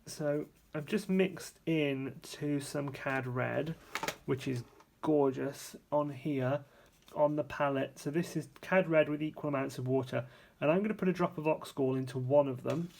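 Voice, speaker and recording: A man giving a casual, hands-on painting tutorial, chatty and relaxed, thinking aloud and correcting himself as he works at a painting table. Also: a little high, a little slow, vocal fry, slight background noise. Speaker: art supplies reviewer demonstrating paints.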